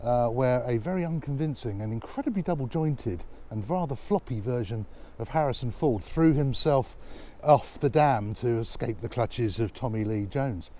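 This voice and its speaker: A man's voice: mid-range voice, expressive, moderate pace, few pauses, warm tone, slight background noise. An English man vlogging outdoors on a motorcycle trip, chatty with dry self-mocking humor. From England. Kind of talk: casual travel vlog.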